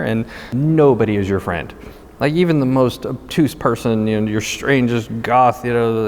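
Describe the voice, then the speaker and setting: A man's voice: medium pitch, big-room sound. A middle-aged man telling a casual story in a wry, self-mocking way, full of fillers and restarts. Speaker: guest storyteller.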